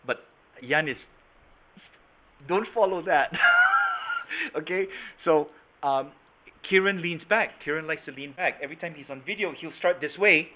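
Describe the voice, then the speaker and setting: This man's voice sits a little high as he leads a sales training session online, recorded through a video call with tinny, phone-like sound. He calls on people by name, checks in with "right?" and "okay?", and alternates gentle and forceful delivery to illustrate what he means.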